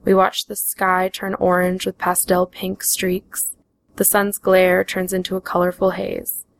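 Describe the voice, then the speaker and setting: A woman reading her own memoir aloud in the first person, slow and even. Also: on the low side, creaky, low-quality recording.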